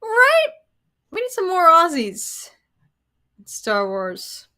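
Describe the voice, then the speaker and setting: An American woman co-hosting a casual livestream chat, excitable and quick to laugh as she talks to her viewers. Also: a little high. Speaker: livestream co-host.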